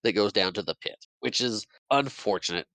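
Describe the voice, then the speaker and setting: A man's voice: lowish voice, fairly quick, fairly bright tone, no room sound, low-quality recording. A man on a podcast casually retelling a movie plot, jumping into quoted lines and laughing often. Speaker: podcast co-host recapping a movie. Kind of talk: casual chat.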